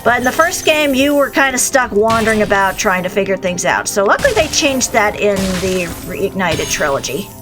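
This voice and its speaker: A woman's voice: medium pitch, big pitch swings, normal speed, few pauses, over music. A young woman co-hosting a game stream, chatting and explaining the game's mechanics. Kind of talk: casual game commentary.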